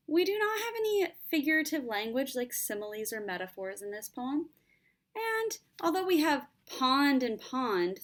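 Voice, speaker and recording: Slow, patient woman teacher. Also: a little high. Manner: slow, clear and patient, addressing students. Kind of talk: classroom lesson narration.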